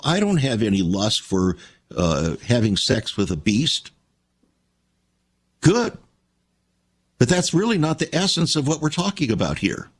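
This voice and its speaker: Husky, animated preaching man. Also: mid-range voice. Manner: emphatic, preacherly, addresses listeners as friends. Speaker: radio preacher. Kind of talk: broadcast sermon.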